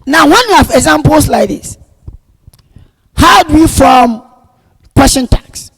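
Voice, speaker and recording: A man teaching a grammar lesson, repeating each point slowly and stressing key words loudly. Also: very high voice, lively intonation, gravelly. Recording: long reverb, echoey room.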